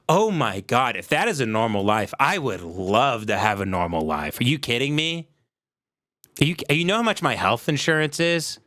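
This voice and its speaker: A man's voice: mid-range voice, sharp tone, no echo. A young adult man, a comedy podcast host, delivering a sarcastic, profane, worked-up comedic rant.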